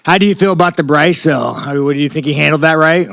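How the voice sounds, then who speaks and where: An American professional fighter at a media day press scrum talks bluntly, rambling and swearing. His voice is on the high side, fast, creaky and a bit bright, with no room sound.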